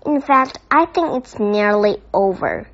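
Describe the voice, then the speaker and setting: A woman's voice: mid-range voice, lively intonation, a little slow, a bit bright. A woman voicing a polite, earnest young male bear in a read-aloud storybook, in a dull, lo-fi recording.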